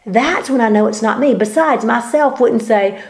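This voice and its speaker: A woman's voice: fairly high pitch, normal speed. A woman giving a fervent, preaching-style talk in conversation, emphatic and repeating her words as she builds to peaks. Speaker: speaker sharing faith teaching.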